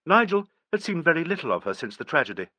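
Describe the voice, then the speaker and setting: A man narrating an audiobook in a steady, even storytelling manner. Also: fairly high pitch, fast talker, no room sound. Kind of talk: scripted narration.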